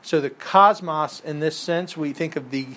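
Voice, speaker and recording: A man's voice: fairly high pitch, normal speed, fairly bright tone, a little hiss or hum. A man teaching a Bible class in a casual lecture, talking conversationally and quizzing the class with questions.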